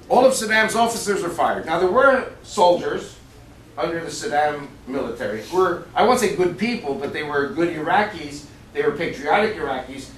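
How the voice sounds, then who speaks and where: Brief: male guest speaker with a fairly high voice, punchy and talking straight to the crowd, picked up by a far-off mic in an echoey banquet room with faint ambience behind him. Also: slight background noise. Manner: emphatic, conversational, asks the audience questions. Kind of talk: lecture to a club audience, with jokes. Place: banquet room of a shooting sports store.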